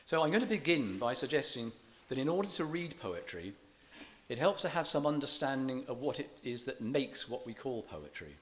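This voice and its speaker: A man giving a public lecture on reading poetry. He explains in a measured way, with dry self-deprecating humour. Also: mid-range voice, very animated. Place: church event.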